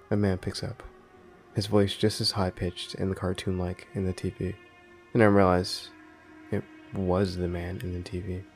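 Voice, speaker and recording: Deep gravelly guy reading a creepy story, flat and slow, soft dark music under it. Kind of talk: scripted horror narration. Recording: quiet ambient music behind.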